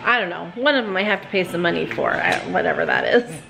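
Chatty, proud vlogger mom. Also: female voice, lowish voice, huge pitch swings, fast talker, vocal fry. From Seattle area, USA. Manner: chatty, proud, laughing often. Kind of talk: casual family vlog chat.

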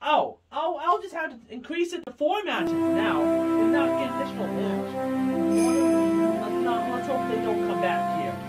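A gameplay commentator who shouts, swears and keeps jumping between put-on character voices while playing. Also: medium pitch, big pitch swings, normal speed, rough recording. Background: loud video game music.

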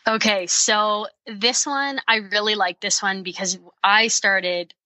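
Bright-voiced woman explaining hunting fitness. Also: mid-range voice, dry recording, poor audio. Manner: enthusiastic, practical, talks it through step by step. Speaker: guest, bowhunter and fitness coach. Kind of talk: podcast interview, explaining tips.

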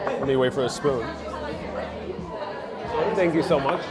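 With a mid-range voice and measured pace, an American man live-streams casually from inside a busy restaurant, phone at arm's length. The travel vlogger chats playfully with viewers he calls ladies and gentlemen while tasting food and drink, as crowd chatter fills the background.

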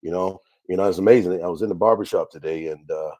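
A man's voice: low-pitched, quick pace, dark tone, no echo. A man hosting a livestream Bible teaching, greeting viewers one by one by name and often repeating his phrases. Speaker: minister and livestream host.

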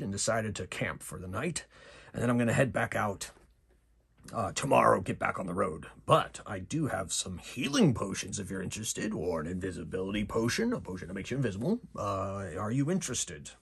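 A man's voice: on the low side, animated, normal speed, vocal fry, a bit bright, husky, full character voice. A man voicing a friendly, rambling male half-orc potion merchant in a tabletop game. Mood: salesy. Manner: eager, rambling salesman.

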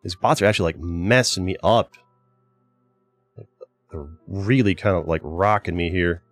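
A man's voice: low voice, normal speed, soft background music. A man hosting a gaming channel, giving casual gameplay commentary in a chatty way, with exasperated outbursts at his teammates. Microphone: desk microphone.

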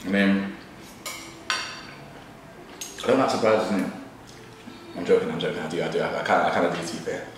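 A man's voice: low-pitched, rapid-fire, far from the mic, soft background music. A young man, chatting casually and teasing, laughing often. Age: young adult. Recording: very echoey room, faint noise.

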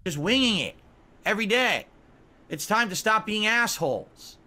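A man's voice: high voice, animated, moderate pace, bright, forceful tone. A man in his forties, a gaming streamer, ranting defensively and scolding his audience on his podcast stream. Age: 40s.

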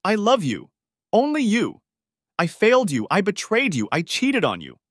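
A man's voice: sits high, wildly swooping pitch, normal speed, no room sound, clean studio sound, voice pushed up, heavily acted. A man voicing a desperate wife crying out. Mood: desperate pleading. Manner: pleading shouts, raised and strained. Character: distraught young wife pleading with her husband. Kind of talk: audiobook character voice.

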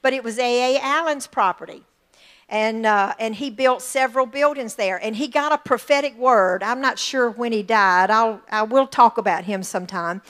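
Woman pastor, middle-aged, high-pitched, fired-up call-and-response preaching. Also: normal speed, a bit bright. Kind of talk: sermon.

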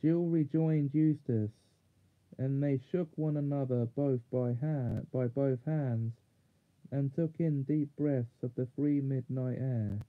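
Slow-reading man, tinny phone-like sound. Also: medium pitch, steady tone. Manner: slow, measured, small slips corrected. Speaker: audiobook reader. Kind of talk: chapter book read-aloud.

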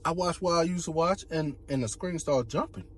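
A man telling a comic story on a couple's vlog, animated and laughing, slipping into slang and acting out other voices. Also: fairly high pitch, brisk, a little hiss or hum. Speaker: couple vlogger.

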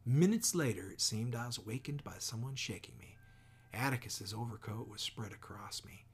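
A man reading a novel aloud as an audiobook, measured, often sinking to near whispers. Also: mid-range voice, expressive, breathy edge. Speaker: audiobook reader. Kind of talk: audiobook narration.

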